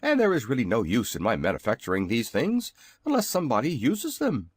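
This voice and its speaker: A man voicing a very old male inventor who is polite, odd and courteous, speaking in a bright, sing-song manner. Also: medium pitch, wildly swooping pitch, brisk, slightly rough, no room sound, studio quality. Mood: chatty.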